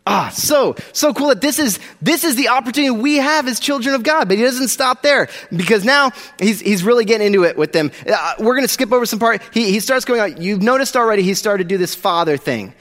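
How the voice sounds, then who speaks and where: A man's voice: high voice, animated, a little fast, few pauses, fairly bright tone, big-room sound. A man preaching a sermon in a casual, emphatic style, with slangy asides to the congregation. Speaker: pastor.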